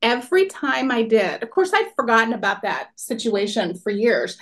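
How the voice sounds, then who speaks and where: A woman in her forties telling a personal story to a workshop audience in an animated, expressive way. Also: a little high, moderate pace. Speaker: workshop speaker.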